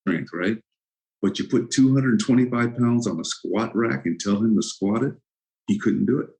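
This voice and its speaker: A man's voice: lowish voice, moderate pace, darkish tone, rough recording. A man in his sixties, a former football player, telling stories as a guest in a casual interview, laughing often and acting out his anecdotes.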